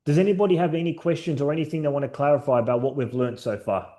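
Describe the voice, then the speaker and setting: This man speaks very fast in a fairly high, warm voice. Over a video call he runs a live sales training session for his team, telling stories in an upbeat, encouraging way.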